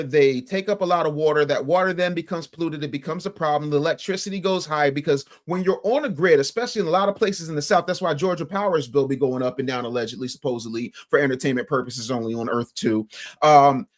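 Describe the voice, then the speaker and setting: An American man hosting a morning news livestream, talking bluntly and sarcastically while reading the chat. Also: fairly high pitch. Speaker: morning news show host.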